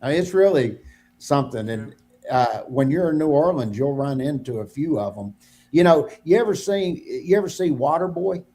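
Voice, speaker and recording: A man's voice: on the high side, lively intonation, normal speed, dark tone. A man co-hosting a podcast, telling stories in a rambling, repetitive way. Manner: rambling storyteller, repeats himself. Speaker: podcast co-host. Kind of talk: casual podcast chat.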